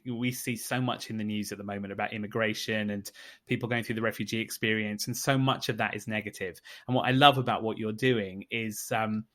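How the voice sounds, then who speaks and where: A woman's voice: very deep voice, a bit bright. A woman interviewing a guest, encouraging her with affirming responses and open questions. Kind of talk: casual interview.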